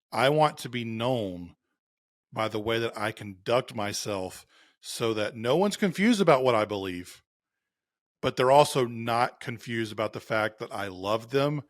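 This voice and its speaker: A man co-hosting a casual podcast, speaking in an earnest, measured way and asking questions. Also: fairly low pitch, dry recording, studio quality. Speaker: podcast co-host.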